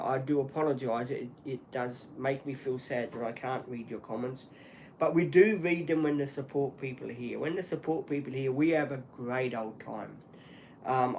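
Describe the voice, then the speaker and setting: A man hosting a solo livestream, talking earnestly and apologetically in halting speech with many restarts and fillers. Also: mid-range voice, a little mellow, a little hiss or hum. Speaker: channel host.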